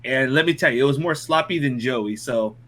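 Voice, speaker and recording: A young man, a podcast co-host, casually tells funny stories to his friends, laughing a lot and swearing freely. His mid-range voice runs a little fast and has a fairly bright tone. There's slight background noise.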